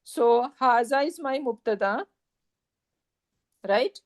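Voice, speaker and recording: A woman teaching a grammar lesson at an unhurried pace with a somewhat high voice. She goes over each point more than once and keeps checking that her students follow. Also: animated, darkish tone. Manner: patient, repeats points and checks understanding.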